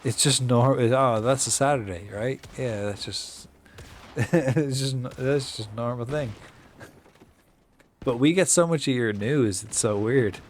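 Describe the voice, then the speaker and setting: A man's voice: medium pitch, takes it slowly, a little hiss or hum. An Irish man chatting casually on a live gaming stream, swearing often and telling stories with mock-acted reactions. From Ireland. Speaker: game streamer.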